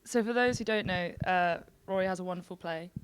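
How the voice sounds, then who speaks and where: A woman's voice: on the low side, fairly quick, clean tone. A woman hosting a radio show, chatting casually and encouraging her guest, with short fillers. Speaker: radio host.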